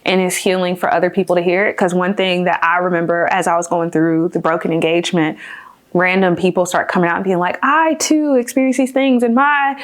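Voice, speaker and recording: A woman's voice: on the low side, little pitch movement, fast talker. A woman in her thirties, a podcast guest talking earnestly and reflectively with her sister, with many fillers and restarts. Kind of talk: casual chat.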